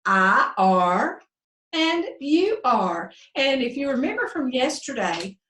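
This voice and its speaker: A woman teaching a phonics lesson to young children, sounding out words slowly in an encouraging sing-song way. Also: high-pitched, sing-song, a bit bright, roomy sound, recorded from a distance, slight background noise. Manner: slow, drawn-out sounding out of words. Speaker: second grade teacher.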